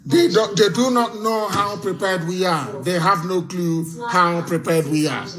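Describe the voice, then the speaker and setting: A man hosting a live call-in broadcast, speaking in forceful, repetitive oratory. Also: high-pitched, measured pace, faint music behind. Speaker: host.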